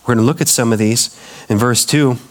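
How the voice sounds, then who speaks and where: A man's voice: mid-range voice, a little fast. A pastor preaching a sermon, emphatic and repetitive, putting questions to his congregation.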